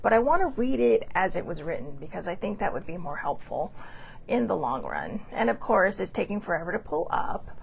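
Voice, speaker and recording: A woman's voice: mid-range voice, vocal fry, a little hiss or hum. A middle-aged woman hosting a casual live talk show, chatting loosely and reading passages aloud. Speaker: host.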